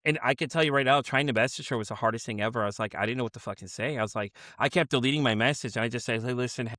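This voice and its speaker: Male podcast host, quick and animated, dry close mic. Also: medium pitch, no echo. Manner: animated storytelling, acts out quotes, swears freely. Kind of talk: casual podcast chat.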